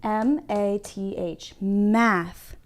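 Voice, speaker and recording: A young woman teaching a livestreamed phonics lesson to small children, encouraging them and sounding out letters slowly and clearly at a whiteboard. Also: medium pitch, steady tone. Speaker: kindergarten reading teacher. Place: home room at a whiteboard.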